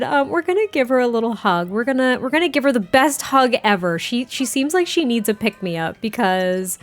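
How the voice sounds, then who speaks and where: A woman's voice: fairly high pitch, lively intonation, normal speed, faint music behind. A woman hosting a game let's play, chatting and gushing as she tells the story of her characters. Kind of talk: casual game commentary.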